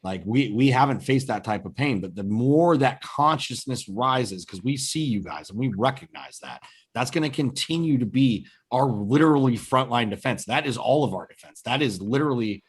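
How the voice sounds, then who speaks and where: A man's voice: mid-range voice, expressive, normal speed, breathy edge. A man in casual political chat on a video call, earnest and full of fillers, repeating himself for emphasis.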